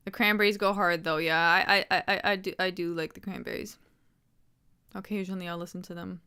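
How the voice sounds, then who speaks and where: A woman's voice: lowish voice, flat delivery, a little fast, sharp tone, smooth. A young adult woman chatting casually on a livestream, rambling and swearing freely.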